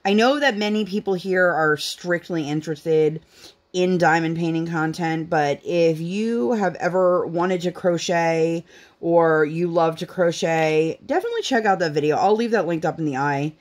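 A woman's voice: on the low side, normal speed. A young woman hosting a craft channel, chatting casually while she works on a project at home, rambling with lots of fillers.

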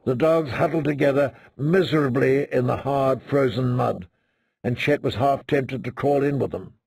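A man narrating an audiobook in a slow, measured reading. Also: medium pitch, vocal fry, a little mellow, breathy edge, no echo, clean studio sound. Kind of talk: scripted narration.

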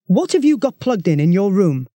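A reader voicing an irritable, gruff father in a children's story. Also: mid-range voice, very animated, moderate pace, warm tone, no echo, studio quality. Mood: cross. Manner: gruff, cross.

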